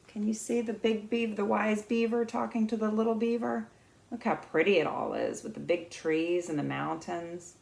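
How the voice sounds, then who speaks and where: A woman in her fifties reading a children's picture book aloud, expressive and pausing to point out the pictures. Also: medium pitch, creaky. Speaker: guest reader of a children's book.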